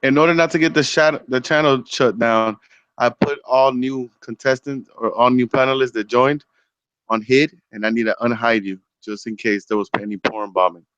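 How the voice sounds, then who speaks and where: A man's voice: mid-range voice, steady tone, moderate pace, a bit bright, clear, resonant tone, no room sound. A man hosting an online show over a video call, teasing and insistent. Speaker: host. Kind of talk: casual chat on a video call. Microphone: video call microphone. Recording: dull lo-fi call audio.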